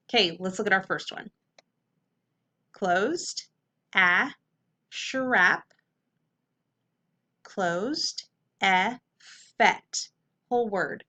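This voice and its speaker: A woman's voice: mid-range voice, expressive, unhurried, pauses often, sharp tone. Upbeat woman teacher sounding out syllables. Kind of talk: phonics lesson to students.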